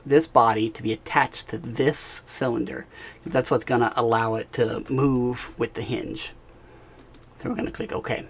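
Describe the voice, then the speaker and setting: A man narrating a software tutorial screencast, talking casually as he clicks through steps and checking in with the viewer. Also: medium pitch. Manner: casual, talks while clicking, frequent "all right" and "right?". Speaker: instructor.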